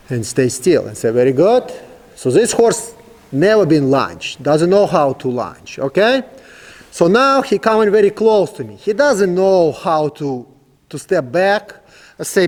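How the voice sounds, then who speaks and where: A horse trainer talks in a patient, coaxing way, mixing soft commands to the animal with plain explanations in broken English. His voice sits a little high for a man. The sound carries a long, spacious reverb. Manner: calm, coaxing commands to a horse, in simple non-native English. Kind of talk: instructional demonstration.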